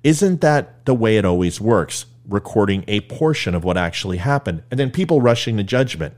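A man's voice: on the low side, animated, normal speed, darkish tone. A man giving blunt, emphatic opinion commentary in a lecturing way.

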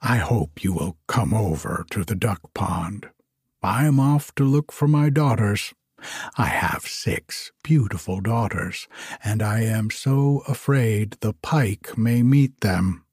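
A man voicing a talkative, self-satisfied little pond frog in a storybook, prattling on in a breathy, often whispery voice. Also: lowish voice, animated, slow pace, darkish tone, dry recording, clean studio sound, exaggerated voice. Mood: chatty. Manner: gushing, prattling, complacent.

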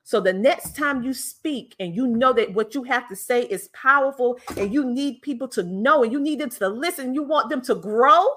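Bright, emphatic woman podcaster. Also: on the high side. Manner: emphatic, preacher-like delivery with stretched stressed words. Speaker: podcast host. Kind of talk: motivational speaking.

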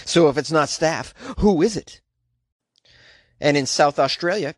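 A man's voice: on the high side, no echo, clean studio sound. A man hosting a show, reading offbeat news stories aloud and breaking in with sarcastic, jokey asides and laughter. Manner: sarcastic, jokey, laughs at his own bits. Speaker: host.

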